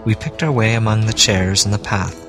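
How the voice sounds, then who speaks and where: A man reading a classic story aloud as an audiobook narrator, in a measured storytelling manner. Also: lowish voice, music in the background. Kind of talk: scripted narration.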